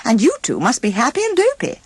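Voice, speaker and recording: A woman voicing a sweet, polite young princess in a high, breathy voice for a storybook reading. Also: huge pitch swings, quick pace, dry recording, heavily acted. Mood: gentle.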